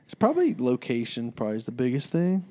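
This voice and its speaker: A man's voice: mid-range voice, wildly swooping pitch, quick pace, dark tone. A man co-hosting a podcast in casual chat, easygoing and rambling, with many fillers and laughs. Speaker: podcast co-host.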